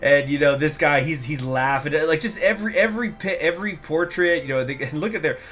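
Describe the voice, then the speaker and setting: A man's voice: on the high side, a little fast, fairly bright tone. Casual rambling male game host. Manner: casual, rambling, joking, with many fillers. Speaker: gaming channel host. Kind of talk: strategy game commentary and reading event text aloud.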